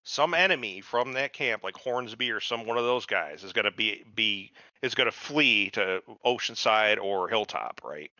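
A man's voice: on the low side, expressive, normal speed, hardly any pauses, pushed and bright, dry recording, muffled recording. A man co-hosting a podcast, ranting in a casual and profane way about a TV episode. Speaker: podcast co-host. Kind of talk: casual TV recap chat.

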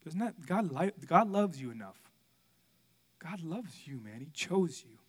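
A male pastor preaching a sermon, telling a candid personal story, swinging from loud outbursts to hushed, quiet passages. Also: a little high, big pitch swings, a little slow, husky.

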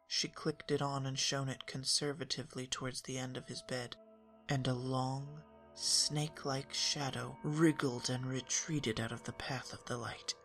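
A woman storyteller reading a story aloud in a calm, even narration. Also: a bass voice, creaky.

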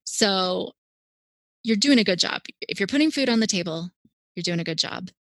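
Woman guest, feeding expert, animated and reassuring, dry close sound. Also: medium pitch, normal speed, gravelly, no room sound. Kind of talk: casual interview talk.

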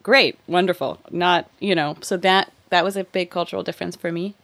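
A woman's voice: fairly low pitch, brisk. Candid, swearing young woman chatting. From Pacific Northwest. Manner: candid, swears freely, animated storytelling. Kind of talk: casual podcast chat.

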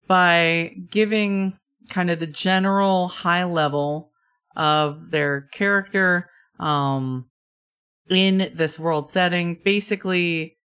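A woman's voice: sits low, a bit bright, clean tone. A woman acting as dungeon master. She chats upbeat with fillers, then reads scripted narration.

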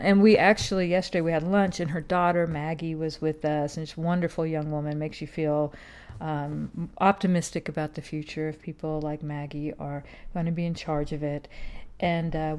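A woman's voice: sits low, a little mellow, clear, resonant tone. A woman in her fifties hosting a podcast, talking in a casual, meandering way full of fillers and restarts. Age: 50s. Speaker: podcast host. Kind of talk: casual rambling monologue.

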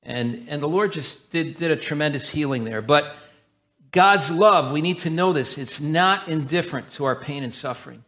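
A man's voice: on the high side, lively intonation, normal speed, a bit bright. A man preaching a sermon as a church elder, in an earnest, conversational way with frequent restarts.

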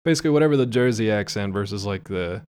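A man's voice: lowish voice, animated, fast talker, darkish tone, clean tone. A man co-hosting a casual podcast chat, joking and playful. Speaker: podcast co-host.

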